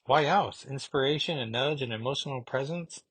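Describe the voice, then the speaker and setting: A man's voice: mid-range voice, moderate pace, a bit bright, husky. A man voicing a commanding woman ship captain in a theatrical mock-British put-on voice while reading a comic aloud. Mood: reflective.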